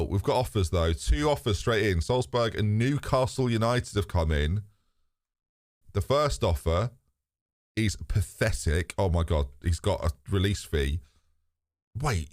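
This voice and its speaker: A man streaming a game live, chatting to his viewers in a lively, sweary way. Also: on the low side, no room sound, clean studio sound. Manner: animated, talks to chat, swears casually. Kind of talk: live gameplay commentary.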